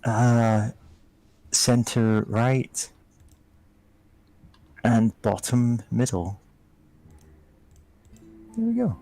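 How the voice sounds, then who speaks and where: A man's voice: medium pitch, very animated, very slow, pauses often, dark tone, soft background music, rough recording. A man chatting casually with friends while playing a game, explaining game details with dry humor. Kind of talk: casual gaming chat.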